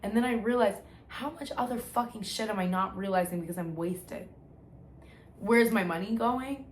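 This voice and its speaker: A woman's voice: medium pitch, normal speed, slight background noise. A woman telling her own story straight to camera, blunt and slangy, swearing freely and rambling with restarts and lots of "like". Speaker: vlogger sharing her sobriety testimony. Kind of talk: candid personal storytelling.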